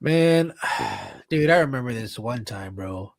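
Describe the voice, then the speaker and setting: A young man co-hosting a casual late-night podcast, telling a story in a rambling, halting way full of fillers and restarts. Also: mid-range voice, expressive, no room sound. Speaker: podcast co-host.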